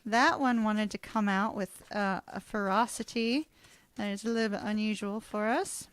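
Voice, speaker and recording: A woman's voice: mid-range voice, moderate pace, a bit bright, dry recording. A middle-aged woman, chatting through a live tarot reading and laughing often as she tells stories. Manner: chatty, storytelling, swears casually. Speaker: tarot reader.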